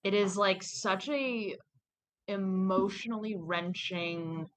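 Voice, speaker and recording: A woman co-hosting a casual comedy podcast, tossing in quick, playful quips. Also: mid-range voice. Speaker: podcast co-host.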